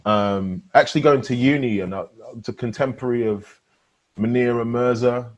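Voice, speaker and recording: A man from England hosting an interview, speaking in a measured, reflective way in a casual conversation. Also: medium pitch, fairly even intonation, darkish tone, lo-fi sound. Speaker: interview host.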